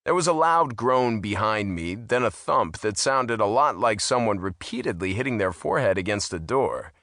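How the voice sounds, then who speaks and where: A man reads a first-person story aloud with wry amusement, his fairly low voice carrying a bright, forceful edge. He sits close to a studio mic in a dry booth, with no room sound around him. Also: expressive, normal speed, no room sound. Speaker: audiobook narrator. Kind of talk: first-person audiobook narration.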